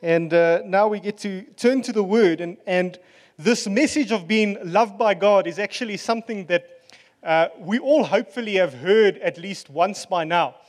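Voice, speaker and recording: High-voiced pastor preaching. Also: male voice, moderate pace, long reverb tail. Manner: earnest, relaxed preaching with asides and fillers. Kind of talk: sermon.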